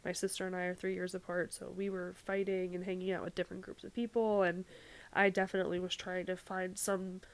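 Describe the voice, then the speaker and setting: A woman hosting a podcast, chatting casually, thinking aloud with fillers and offering steady affirmations. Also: fairly low pitch, brisk. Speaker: podcast host. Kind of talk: casual interview chat.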